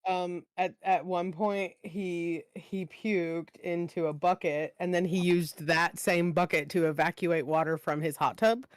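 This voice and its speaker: A woman's voice: lowish voice, measured pace, few pauses, no room sound, clean studio sound. Woman guest recounting a stream. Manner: animated storyteller recounting events. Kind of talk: casual chat on a livestream.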